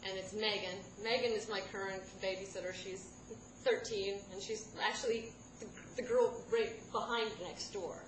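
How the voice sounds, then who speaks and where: A woman in her thirties telling a comic personal story to a live audience, rambling and self-deprecating, with sudden loud outbursts. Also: mid-range voice, fairly even intonation, moderate pace. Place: stage in a room with a live audience. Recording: roomy live room with background noise.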